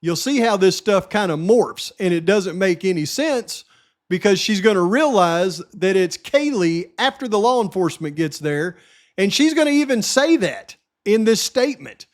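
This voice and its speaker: A man's voice: sits high, lively intonation, normal speed. A man hosting a true-crime channel, talking straight to his viewers in emphatic casual commentary and repeating his points.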